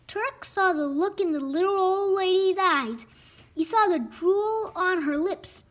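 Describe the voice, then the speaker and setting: Slow expressive woman storyteller. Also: extremely high pitch. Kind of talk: children's story read-aloud.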